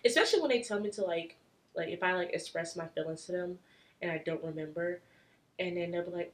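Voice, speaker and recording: A young woman chats casually on a podcast, pitched slightly low for a woman. She tells her stories in a candid, crude way, full of fillers. It sounds loose and conversational. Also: fast, poor audio. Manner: candid and crude, heavy on "like", telling drinking stories. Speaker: podcast co-host. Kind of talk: casual chat.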